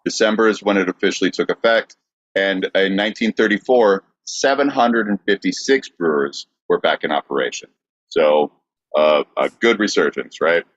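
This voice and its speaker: A man co-hosting a podcast, presenting history from notes in a halting way with fillers. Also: low voice, no room sound, dull audio. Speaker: podcast co-host.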